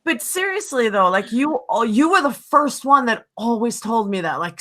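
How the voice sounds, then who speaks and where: A blunt New York woman hosting a casual livestream, venting about online feuds with plenty of swearing. Her voice is bright and forward, and she talks with fiery, animated indignation. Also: a little high, normal speed, hardly any pauses. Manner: blunt, swears freely, heated storytelling. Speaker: livestream host.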